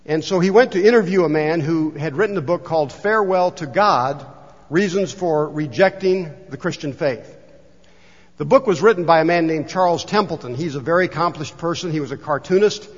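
A man, a pastor, delivering a sermon and telling a story, slowing down when he reads passages aloud. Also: a little high. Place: church sanctuary. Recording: long hall reverb, dull lo-fi sound.

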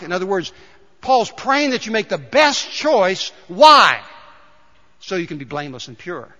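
A man's voice: high-pitched, very animated, moderate pace, bright, forceful tone. A man preaching a sermon to his congregation, building to emphatic calls and telling a joke along the way. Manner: rises to emphatic calls to the congregation, tells jokes. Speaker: pastor. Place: church sanctuary. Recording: dull sound with long hall reverb.

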